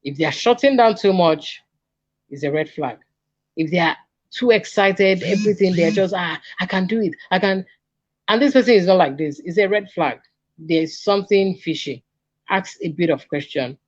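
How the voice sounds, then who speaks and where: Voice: medium pitch, animated, normal speed, no echo. A guest counselor, giving earnest advice in conversation and stressing repeated warnings. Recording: dull lo-fi dry recording.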